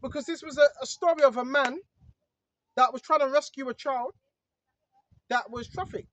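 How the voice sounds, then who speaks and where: High voice, informal preacher, emphatic, repetitive, rhetorical questions, muffled lo-fi sound. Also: moderate pace, a bit bright, a little hiss or hum. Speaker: online preacher. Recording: dull lo-fi recording.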